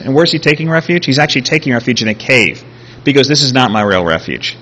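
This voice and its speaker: A man preaching a sermon, retelling a scripture story with animated, acted-out quotes. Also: mid-range voice, fast, lo-fi sound, a little hiss or hum. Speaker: pastor.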